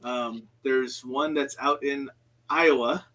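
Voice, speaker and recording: Bright-voiced male host. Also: medium pitch, fairly even intonation, takes it slowly, low-quality recording. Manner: relays stories with frequent ums. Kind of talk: casual chat.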